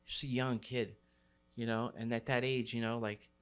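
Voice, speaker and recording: A man's voice: mid-range voice, little pitch movement, moderate pace, smooth. New man telling a street story. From New York City. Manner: street slang, many fillers. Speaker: graffiti writer. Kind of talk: storytelling interview.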